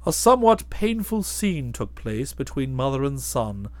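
A man voicing a deferential, unflappable valet who speaks in a measured, formal way. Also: mid-range voice, big pitch swings, no echo. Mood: composed. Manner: measured and formal, trailing off softly on each "sir".

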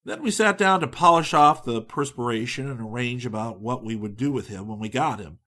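A man reading a humorous travel story aloud in a measured, dry, wry storytelling manner. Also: mid-range voice, bright, forceful tone. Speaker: audiobook narrator. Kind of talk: scripted narration.

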